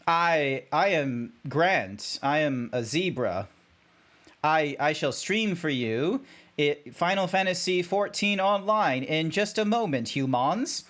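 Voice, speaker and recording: An Australian man voicing a stiff robotic male zebra who greets humans in slow, stilted, overly formal phrases. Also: fairly high pitch, fairly bright tone, heavily acted. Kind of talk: livestream bit.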